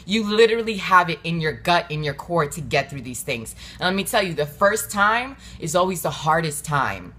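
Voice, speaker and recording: A woman's voice: lowish voice, sing-song, normal speed, hardly any pauses, sharp tone. A woman hosting her own show in a casual motivational chat, earnest and encouraging, talking straight to viewers with loose fillers and repeats. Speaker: host.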